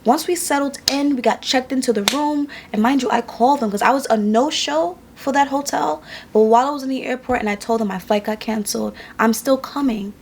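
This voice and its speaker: A woman's voice: high voice, a little fast, creaky, slight background noise. Emotional woman telling a personal story. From New York. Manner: candid, emotional, conversational. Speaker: vlogger. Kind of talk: casual storytelling vlog.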